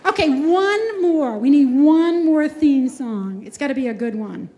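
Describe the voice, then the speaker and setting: A middle-aged woman presents at a conference in a high voice. She tells stories with animation and pokes fun at herself as she coaches the room on health. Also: measured pace. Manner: animated storytelling, self-mocking. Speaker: health speaker. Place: conference hall.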